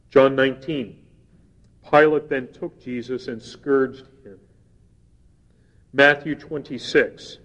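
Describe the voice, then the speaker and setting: A man preaching a sermon, reading scripture passages in a slow, measured and earnest way. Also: mid-range voice. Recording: dull sound with long hall reverb.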